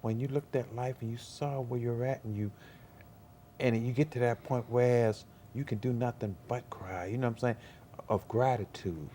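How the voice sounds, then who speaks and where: A man's voice: mid-range voice, fairly even intonation, moderate pace, warm tone, a little hiss or hum. A man hosting a talk show, encouraging his guest with prompts and short affirmations. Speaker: host.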